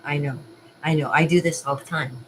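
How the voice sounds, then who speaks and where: A woman's voice: low-pitched, fairly even intonation, normal speed, background noise. A middle-aged woman chatting casually to her viewers, rambling and laughing often. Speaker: vlogger and art party host. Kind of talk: casual rambling chat to camera.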